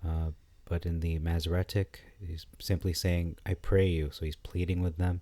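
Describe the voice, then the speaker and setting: Low, mellow-voiced man musing aloud. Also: level tone, no echo. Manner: thinking aloud, halting with frequent fillers and restarts. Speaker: scripture commentator. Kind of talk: casual explanatory commentary.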